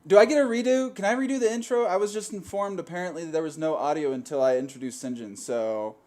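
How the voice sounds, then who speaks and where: A man's voice: on the high side, quick pace, a little mellow. A man hosting a panel web show with upbeat show-host patter.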